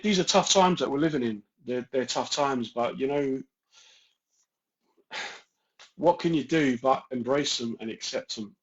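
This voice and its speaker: A man's voice: medium pitch, highs cut off. Straight-talking London man on a live stream. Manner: straight-talking, jokey, addresses viewers by name. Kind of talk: casual live-stream chat reading viewer comments.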